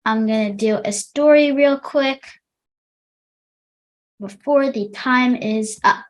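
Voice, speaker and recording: A woman's voice: sits high, slow pace. Young woman teacher reading to kids. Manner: friendly, explains words to children mid-story. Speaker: children's English teacher. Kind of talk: reading a storybook aloud to a class.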